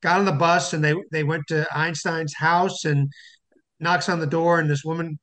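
A man in a radio interview tells stories from his book. His voice sits a little high. He rambles, with restarts and fillers along the way. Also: level tone, moderate pace, a bit bright. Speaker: author guest. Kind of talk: phone-in interview storytelling.

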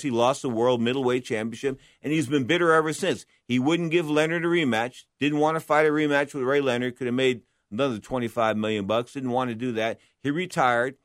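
Talking boxing history, this commentator's slightly high, fairly bright voice comes through with studio quality and no echo. His opinionated monologue is blunt and emphatic, and he often asks himself questions only to answer them.

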